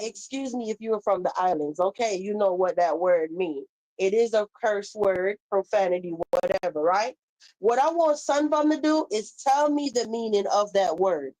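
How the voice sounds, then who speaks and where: A woman's voice: mid-range voice, rough recording. A woman with a Caribbean accent, hosting a heated live stream, reading chat comments aloud and scolding someone in a sassy way. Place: home.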